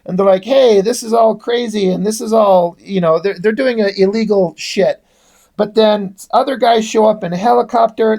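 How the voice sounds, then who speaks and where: A man's voice: high-pitched, darkish tone. Sarcastic, cursing man reviewing comics. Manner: sarcastic, profane, rambling. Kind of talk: casual comic book review.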